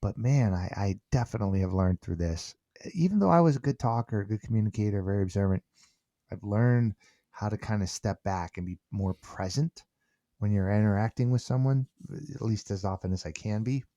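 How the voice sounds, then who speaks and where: A middle-aged man, a podcast guest, telling stories in a lively way, often repeating words as he restarts and acting out what people said. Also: lowish voice, fairly quick, no echo, highs cut off. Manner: animated, repeats words when restarting, acts out quoted dialogue. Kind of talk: conversational storytelling.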